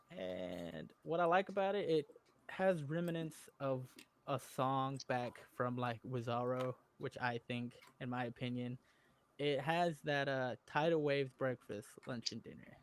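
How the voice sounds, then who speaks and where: A man's voice: medium pitch, measured pace, slight background noise. A young man chatting on a podcast call, eager and rambling, often cutting himself off mid-sentence. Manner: rambling, eager, self-interrupting. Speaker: podcast co-host. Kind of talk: casual chat on a call.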